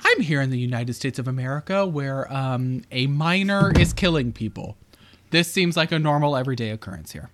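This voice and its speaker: A podcast co-host briefly putting on a deadpan TV newscaster voice, reporting matter-of-factly. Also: mid-range voice, fairly quick, slight background noise, close to an everyday voice.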